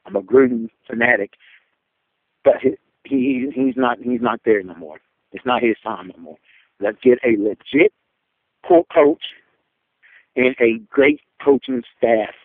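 A man calling in to a fan show, ranting angrily with lots of profanity, his pitch jumping sharply. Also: measured pace, long pauses, no room sound. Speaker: caller. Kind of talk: fan call-in rant. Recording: dry tinny phone line.

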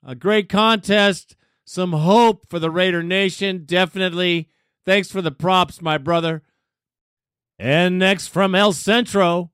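A man's voice: high voice, fairly even intonation, unhurried, fairly bright tone, clear, resonant tone, no echo, clean studio sound. A man hosting a fan call-in radio show, talking casually and easygoing, with folksy sayings.

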